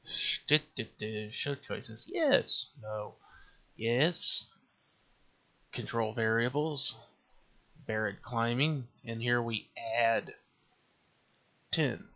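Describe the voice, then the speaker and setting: A man's medium-pitched voice comes across bright and forceful, though he talks extremely slowly and pauses often. He's muttering and thinking out loud as he works through computer menus, hosting a laid-back screen-recorded game dev tutorial. The lo-fi audio is a touch dull.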